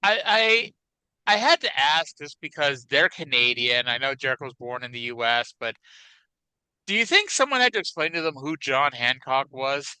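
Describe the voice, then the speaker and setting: Bright, dry-voiced podcast co-host. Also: male voice, medium pitch, animated, moderate pace, smooth, no room sound, rough recording. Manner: chatty, wry, hedging asides. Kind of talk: casual chat.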